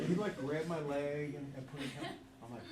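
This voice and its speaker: Animated male teacher in an echoey classroom. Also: a little high. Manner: joking, animated storyteller. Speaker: math teacher. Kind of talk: classroom lecture with storytelling. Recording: echoey room from far off, background noise.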